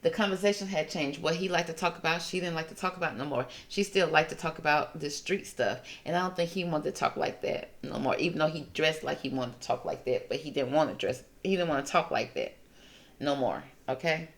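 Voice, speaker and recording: A woman's voice: deep voice, a little fast. A woman hosting a tarot reading, talking in a sassy, gossipy way and calling listeners honey and baby. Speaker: tarot reader host. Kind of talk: casual tarot reading commentary.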